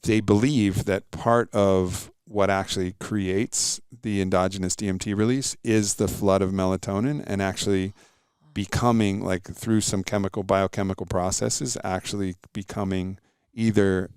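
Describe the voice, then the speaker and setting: A man's voice: low-pitched, fairly even intonation, moderate pace, few pauses, darkish tone, clean tone, dry recording, clean studio sound. A middle-aged man telling stories in an earnest, reflective way as a guest in a casual podcast interview.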